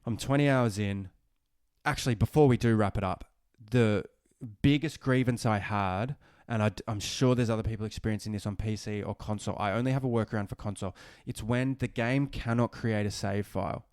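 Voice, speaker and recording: A man co-hosting a casual gaming podcast, animated and ranting, swearing and restarting sentences. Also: on the low side, brisk, clean tone, dry recording, clean studio sound. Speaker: podcast co-host.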